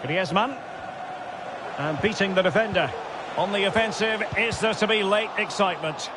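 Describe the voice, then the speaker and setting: A man giving scripted football commentary in a video game, brisk short calls that rise at big chances. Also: high voice, close to an everyday voice. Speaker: play-by-play commentator. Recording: loud game crowd noise behind.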